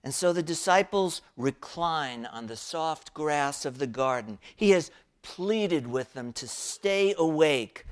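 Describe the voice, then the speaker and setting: Unhurried man preaching a sermon. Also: on the high side, expressive. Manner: reflective, unhurried. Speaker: pastor.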